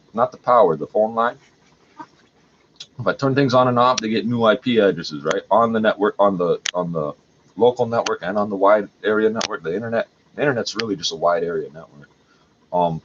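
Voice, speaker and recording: A man at home hosting a livestream, rambling in an agitated, profane way. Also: lowish voice. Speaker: livestream host. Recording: dull lo-fi audio with faint noise.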